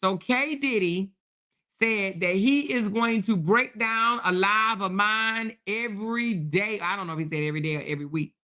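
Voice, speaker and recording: A sassy woman hosts a casual live stream, talking straight to her viewers with lots of endearments and laughter between her remarks. Her voice is bright and forceful, sitting at a middle pitch for a woman. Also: normal speed. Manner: sassy, animated, peppered with endearments. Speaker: host. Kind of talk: live-stream commentary reading chat.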